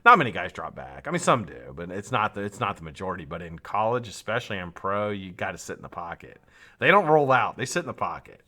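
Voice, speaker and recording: A man's voice: low voice, big pitch swings, fast talker, sharp tone. A tired, yawning man hosting a live stream, rambling casually with frequent swearing and laughter.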